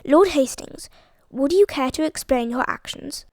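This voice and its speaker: A woman reading aloud and voicing a calm, formal male police inspector. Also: high-pitched, no echo, clean studio sound. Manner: measured and formal.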